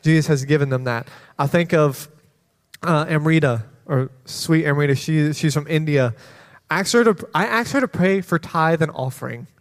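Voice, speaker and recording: Animated man telling church stories. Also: a little high, moderate pace. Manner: animated storytelling with quoted voices and laughter. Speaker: children's pastor. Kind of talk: sermon testimony. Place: church sanctuary. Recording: long hall reverb.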